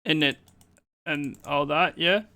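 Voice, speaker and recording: A man's voice: a little high, steady tone, slow pace, bright, forceful tone, heavily acted. A man putting on a cheeky mock-British bloke. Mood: teasing. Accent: put-on British. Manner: exaggerated slang, playful.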